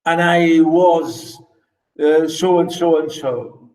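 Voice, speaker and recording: A man's voice: on the high side, slow pace, a little mellow. A man lecturing on a story, repeating key words for emphasis and asking rhetorical questions. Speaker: literature lecturer. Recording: echoey room.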